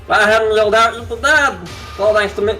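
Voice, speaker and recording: Young man, casual gaming commentary, profane quips, high pitched. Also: sharp tone, faint music behind. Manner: joking, profane, quick quips. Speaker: let's play co-host.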